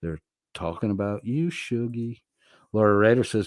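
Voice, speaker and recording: A man hosting a casual livestream and reading out viewer chat, profane and mocking, swinging between loud jeers and low mutters. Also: moderate pace, dry recording, clean studio sound.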